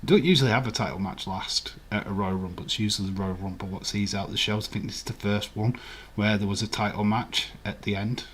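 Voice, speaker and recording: A man's voice: lowish voice, fairly even intonation, a little fast, few pauses, fairly bright tone, slight background noise. A man hosting a live stream, chatting casually and rambling while he answers viewer comments and laughs often. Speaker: livestream host. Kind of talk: casual live watch-along chat.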